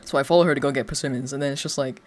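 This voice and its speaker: A man's voice: medium pitch, steady tone, rapid-fire. A young man streaming, telling a story in a rambling, casual way, full of fillers and frequent laughs. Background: faint music.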